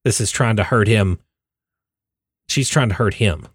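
A man's voice: on the low side, unhurried, slightly rough, no echo, clean studio sound. A man co-hosting a podcast, blunt and joking in casual chat. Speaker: podcast co-host.

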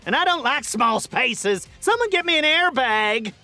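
A woman's voice: high voice, expressive, unhurried, bright, forceful tone, exaggerated voice. Woman playing Grabstack, a fretful birthday boy. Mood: fussy. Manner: dramatic, fretful, exclamatory. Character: anxious fussy birthday boy, hates small spaces. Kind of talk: kids' audio drama acting.

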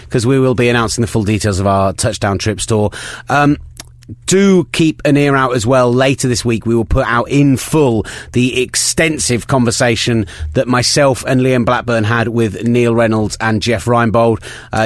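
A man co-hosting a sports podcast, chatty and excitable, laughing often. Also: medium pitch, no room sound, clean studio sound. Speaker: podcast co-host. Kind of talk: casual chat.

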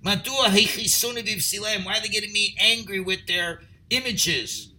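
High, bright-voiced man teaching Torah. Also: moderate pace, poor audio. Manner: reads Hebrew phrases then translates, rising to near-shouting emphasis. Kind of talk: text study class, reading and translating.

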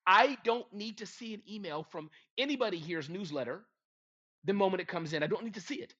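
An energetic middle-aged man delivers a motivational business talk, leaning hard on key words. His slightly high voice swings widely in pitch. The recording sounds dull and lo-fi. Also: brisk. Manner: energetic, emphatic, lively delivery. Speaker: business speaker giving advice.

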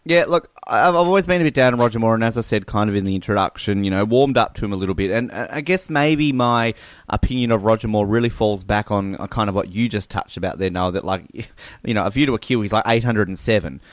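A man co-hosting a podcast, chatting casually about films with an animated, jokey manner. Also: on the low side, fast, dry recording. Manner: animated, laughing, jokey impressions. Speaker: podcast co-host. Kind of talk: casual chat.

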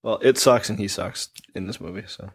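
A man's voice: lowish voice, brisk, husky. A young man co-hosting a podcast in casual chat, laid-back and agreeable, often laughing. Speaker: podcast co-host.

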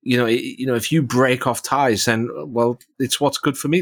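A man's voice: mid-range voice, steady tone, normal speed, few pauses. A man co-hosting a casual current-affairs podcast, reasoning aloud in a conversational way with many fillers. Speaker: podcast co-host.

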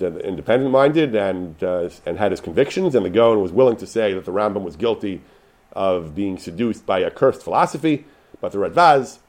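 A man's voice: fairly low pitch, a little mellow. A man giving an unscripted Torah lecture, paraphrasing Hebrew sources with frequent restarts and fillers.

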